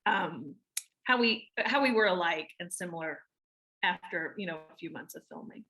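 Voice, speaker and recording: A woman's voice: on the low side, normal speed, sharp tone. A woman with a Southern American accent, an actress answering interview questions in a chatty way with many restarts and fillers. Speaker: actress guest.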